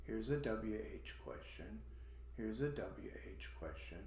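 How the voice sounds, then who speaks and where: A man's voice: lowish voice, animated, measured pace, vocal fry, darkish tone, reverberant, a little hiss or hum. A man teaching an English class, demonstrating question intonation by swooping his voice up and down. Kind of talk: online language lesson.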